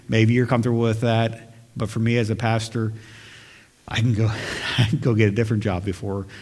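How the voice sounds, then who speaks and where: A man's voice: fairly low pitch, darkish tone. A male pastor preaching a sermon and leading prayer, earnest and emphatic, repeating phrases for stress. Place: church sanctuary. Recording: long hall reverb.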